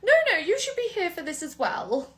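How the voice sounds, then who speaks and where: A woman's voice: very high voice, big pitch swings, normal speed, fairly bright tone, voice pushed up, heavily acted. A woman playing a self-absorbed, condescending mother with a patronising, sing-song manner. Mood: breezy.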